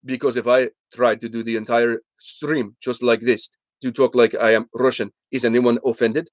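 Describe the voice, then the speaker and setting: A live streamer putting on a low, gruff mock Russian voice to make a point in a rant. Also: level tone, moderate pace, dry recording, lightly acted.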